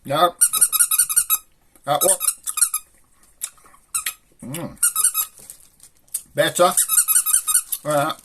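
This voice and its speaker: A man's voice: on the high side, fairly even intonation, extremely slow, pauses often, background noise. An older man rambling through jokes and stories in a chatty, self-amused way. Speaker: joke teller. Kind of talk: casual storytelling monologue.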